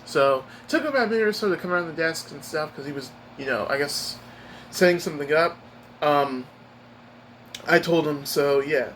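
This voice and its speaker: Young guy venting to his stream, kinda high voice, rambly and emphatic, lots of likes and ums. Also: animated, normal speed, a bit bright, slight background noise, poor audio. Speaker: streamer giving a life update. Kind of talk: casual storytelling to camera.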